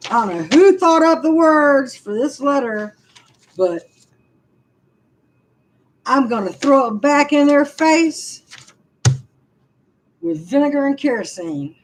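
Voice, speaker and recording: Slow-talking older woman venting. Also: high-pitched, sing-song, slight background noise, rough recording. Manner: frustrated, sighing, speaks to chat. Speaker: vlogger on a live stream. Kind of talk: casual live-stream venting.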